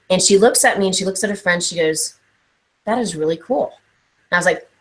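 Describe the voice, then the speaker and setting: Woman from ohio guesting on a live web chat, lowish voice, acts out the quotes as she talks. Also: low-quality recording. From Ohio, USA. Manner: animated storytelling, acts out quotes. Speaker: guest speaker. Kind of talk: live online interview.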